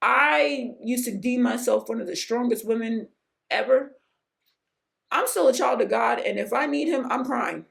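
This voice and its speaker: Gravelly-voiced woman sharing her faith. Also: on the high side, normal speed. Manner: earnest, emotional, repeats for emphasis. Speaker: podcast host. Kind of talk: faith-based personal reflection.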